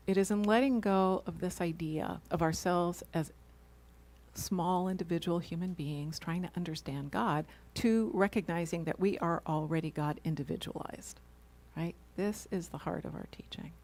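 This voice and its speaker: A woman's voice: lowish voice, a little slow, a little mellow. A woman minister giving a reflective sermon, asking rhetorical questions and tagging them with "right?".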